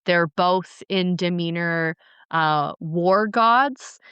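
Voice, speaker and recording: Smooth-voiced woman telling stories on a podcast. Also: fairly low pitch, drawn-out words, no echo. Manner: animated, acts out characters, playful. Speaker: podcast co-host. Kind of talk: casual storytelling chat.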